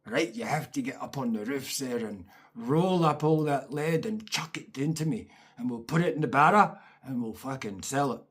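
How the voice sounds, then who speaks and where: A gruff father barks curt orders at his kids, as a storyteller puts him on. The voice is husky and rough, at an ordinary middle pitch. He sounds commanding and impatient. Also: moderate pace, a bit bright. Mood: bossy. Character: gruff bossy working-class father.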